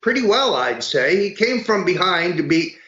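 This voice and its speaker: A man calling in as a political analyst guest, speaking in a measured way that builds to emphatic peaks. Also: high-pitched, big pitch swings, a bit bright, roomy sound, lo-fi sound. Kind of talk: political commentary on a call-in.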